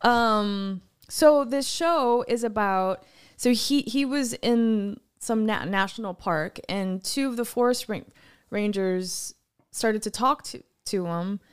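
A woman co-hosting a relaxed podcast chat, her talk tumbling along with "like" and false starts. She speaks at an ordinary, middle pitch and swears now and then without fuss. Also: slow pace, smooth. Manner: rambling, full of fillers and restarts, swears casually. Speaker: podcast co-host. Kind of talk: casual chat.

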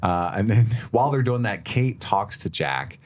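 A man hosts a casual podcast, recapping a show with a voice that sits low but swings widely. He keeps it animated and slips into characters' lines as he goes. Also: unhurried. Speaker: podcast co-host recapping episodes. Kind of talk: casual chat.

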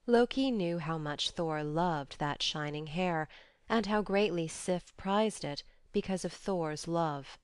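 Female audiobook narrator, measured storytelling delivery, dry close recording. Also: lowish voice, no echo. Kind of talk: scripted narration of a myth.

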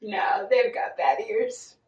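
A woman's voice: fairly high pitch, wildly swooping pitch, slow, a little mellow, recorded from a distance, lo-fi sound. A young woman co-hosting a podcast, chatting casually and recapping gossip with acted-out quotes. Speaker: podcast co-host. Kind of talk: casual chat. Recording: echoey room, voice a bit off-mic.

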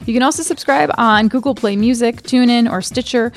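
A woman co-hosting a tech podcast, chatting in a measured way and reading promos. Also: on the high side. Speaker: podcast co-host. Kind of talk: casual tech podcast chat.

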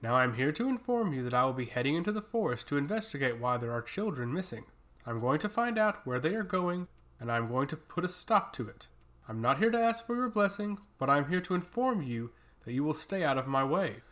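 A woman's voice: sits low, big pitch swings, fairly quick. A man voicing a powerful female nature mage who speaks in a cold, taunting and commanding way.

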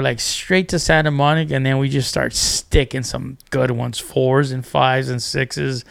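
Gravelly man telling fishing stories. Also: a little high. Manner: animated, acts out quotes, frequent restarts. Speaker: podcast guest, angler. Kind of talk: casual storytelling.

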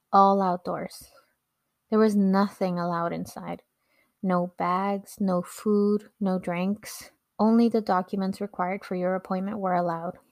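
Flat-voiced woman narrating her own story. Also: mid-range voice, no room sound, studio quality. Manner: earnest, reflective storytelling. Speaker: podcast host telling her own story. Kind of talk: scripted personal narration.

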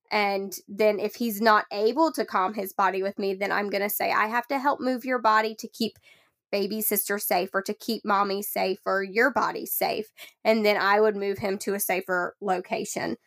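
A woman in her thirties co-hosts a casual parenting podcast, her voice carrying a gravelly fry. She explains calmly and drops into soft, gentle phrasing when showing what to say to a toddler. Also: mid-range voice, normal speed. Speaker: podcast co-host.

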